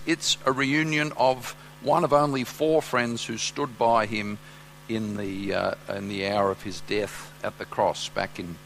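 A man's voice: mid-range voice, vocal fry, a bit bright, a little hiss or hum, low-quality recording. A man preaching a sermon, earnest and full of fillers and restarts. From Australia.

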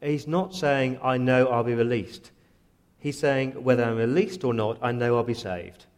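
A man's voice: medium pitch, steady tone, moderate pace. A man preaching a sermon as pastor, earnest and direct, often voicing the apostle's prayers in the first person.

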